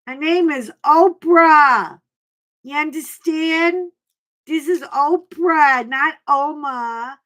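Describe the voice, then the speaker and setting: A woman voicing an angry, blustering male shopkeeper who scolds loudly. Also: high voice, extremely slow, voice pushed up, exaggerated voice, low-quality recording. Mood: scolding. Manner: scolding, barking.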